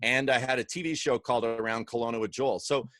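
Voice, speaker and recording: A young Canadian man telling stories as a podcast guest, energetic and acting out quoted voices. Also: mid-range voice, fast, dry recording. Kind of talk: animated storytelling.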